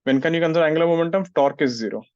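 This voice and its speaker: A man's voice: on the high side, rapid-fire, a little mellow, no room sound. A male physics teacher, lecturing a class and scolding students who don't listen. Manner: scolds students, asks "getting it?" often. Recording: muffled, dry sound.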